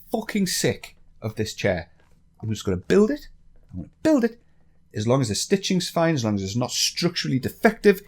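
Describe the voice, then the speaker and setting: An English man on a vlog channel, angrily ranting and swearing with exasperation. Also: mid-range voice. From England. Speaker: YouTuber.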